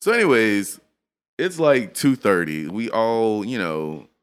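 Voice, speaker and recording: A slightly tipsy man hosting a podcast, telling a story in a loose, animated way with lots of laughter and filler words. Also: lowish voice, slow pace, smooth. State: a bit tipsy from drinking. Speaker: podcast host. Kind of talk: casual storytelling chat.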